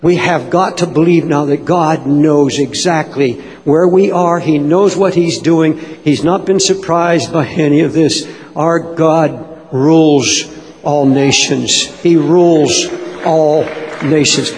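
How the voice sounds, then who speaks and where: A man's voice: on the high side, slow. A man preaching an altar call and praying fervently in a church, earnest and urging. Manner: earnest, fervent, rising to loud praise. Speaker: pastor. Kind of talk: sermon altar call and prayer. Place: church sanctuary. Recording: long reverb of a church hall.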